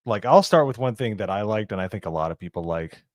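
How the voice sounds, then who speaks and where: Low-voiced enthusiastic male movie reviewer. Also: expressive, quick pace, dry recording, clean studio sound. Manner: enthusiastic, gushing, lots of "like". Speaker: co-host of a movie review show. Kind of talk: casual movie review chat.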